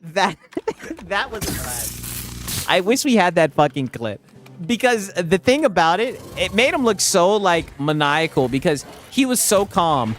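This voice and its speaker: A man's voice: high voice, very animated, measured pace. A man chatting casually on a stream, telling stories with frequent laughter and swearing.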